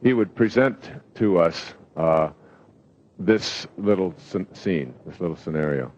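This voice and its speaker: An older man giving a motivational lecture, telling stories in a reflective way with pauses and fillers. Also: sits low, expressive, a little mellow. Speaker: motivational speaker. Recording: dull lo-fi lecture recording.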